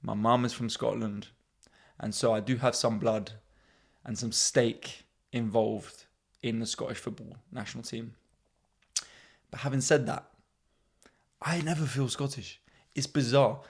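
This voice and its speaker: A man in his thirties hosting a comedy podcast, rambling in a self-mocking way and swearing freely. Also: medium pitch. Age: 30s. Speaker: podcast host. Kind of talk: casual comedic monologue.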